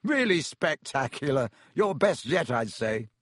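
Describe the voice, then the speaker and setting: An eager teenage team captain is grinning as he talks, full of praise and lifted a little in pitch, as a male storyteller plays him. The recording is dry and close. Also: sing-song, measured pace, fairly bright tone, no room sound. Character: cheerful muddy teenage sports captain, boy.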